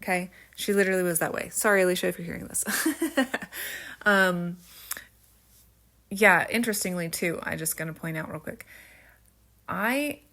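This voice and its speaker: A woman with a somewhat low voice talks loosely and rambles off on tangents, full of "um" and "like". A slight stutter breaks in here and there, and a faint rural American twang slips into some words. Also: moderate pace, pauses often, fairly bright tone. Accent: slight rural American twang at times. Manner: chatty, rambling, many fillers and tangents. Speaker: vlogger. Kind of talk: casual storytelling while crafting.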